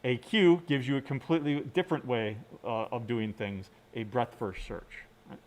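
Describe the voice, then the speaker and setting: A man's voice: mid-range voice, steady tone, moderate pace. A man giving a recorded computer science lecture, explaining step by step and often checking in with "right?". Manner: mutters quietly to himself while working on screen. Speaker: university lecturer.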